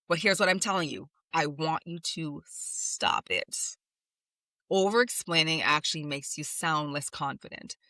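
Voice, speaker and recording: A woman's voice: low-pitched, sharp tone, dry recording. A woman podcast host and communication coach, talking straight to listeners in an emphatic, instructive way. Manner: emphatic, instructive, repeats commands. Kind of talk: direct-address coaching monologue.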